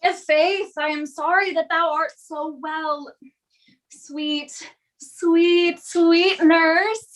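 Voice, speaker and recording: A woman's voice: high voice, fairly even intonation, a little slow, hardly any pauses, a bit bright. A woman playing an impatient young girl in love who pleads for news, in a stage reading of a classic play. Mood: pleading.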